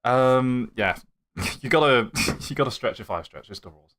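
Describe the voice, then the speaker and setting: A man's voice: mid-range voice, expressive, normal speed, a bit bright. Chatty young man with a light Yorkshire accent. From Yorkshire, England. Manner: chatty and rambling, reads chat aloud, laughs often. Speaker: livestream host. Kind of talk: casual live-stream chat.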